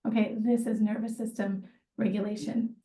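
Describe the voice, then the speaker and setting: A woman trauma therapist speaking on a video call, gently guiding a slow breathing meditation with pauses. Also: mid-range voice, flat delivery. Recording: echoey room, far from the mic.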